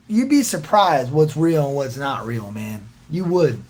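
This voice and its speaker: A man's voice: medium pitch, sing-song, normal speed, hardly any pauses. A man hosting a casual livestream, reading out viewers' comments and answering in a loose, joking, slangy way with frequent laughs. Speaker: livestream host reading chat.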